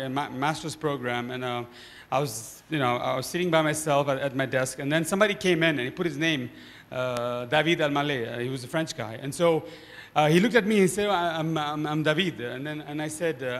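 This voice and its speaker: A man speaking on a discussion panel, an animated storyteller who often tags his points with "right?". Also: a little high, in a large hall. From Nepal.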